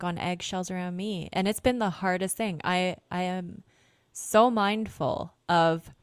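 A woman's voice: sits low, dry recording, studio quality. A woman in her thirties hosting a podcast, rambling casually and self-deprecatingly with frequent laughs and fillers. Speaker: podcast host.

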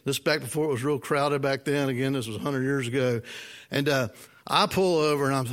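A man preaching a sermon, telling a personal story in a folksy, animated way and asking the congregation questions. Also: medium pitch, fairly quick. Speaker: pastor.

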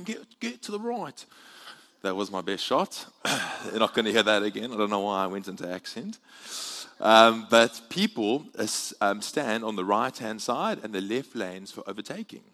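A man with a lowish voice preaches to a church, telling stories casually and joking with the congregation. His loudness rises and falls sharply as he goes. The sound carries a long hall echo. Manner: chatty, jokey, animated swings in loudness. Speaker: guest preacher. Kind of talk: sermon.

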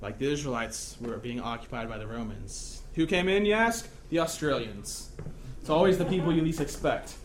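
A male pastor giving a conversational sermon, joking often and checking in with his listeners. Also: high voice.

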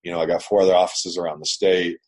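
Over a remote internet call, a man from Canada who owns a business tells his story casually as an interview guest, fast and with little pitch movement. His low voice is a little mellow. His delivery is blunt, emphatic and profane.

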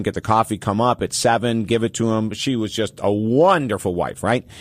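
A man hosting a call-in advice show, talking in an animated, storytelling way and stressing his points through repetition. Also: medium pitch, dry recording, studio quality.

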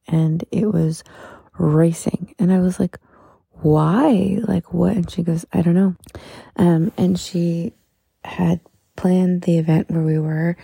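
A woman hosting a podcast, talking casually and then leading a calm, soft-spoken guided breathing meditation with slow pauses. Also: lowish voice, gravelly, husky, no room sound, studio quality.

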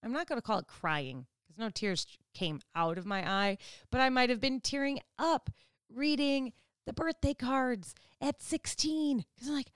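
A woman's voice: high voice, a little slow, clear, resonant tone, dry recording, clean studio sound. A woman of about forty from Wisconsin, chatting casually to her viewers, laughing often and acting out quoted people. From Wisconsin, US Midwest. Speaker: vlogger. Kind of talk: casual chat to camera.

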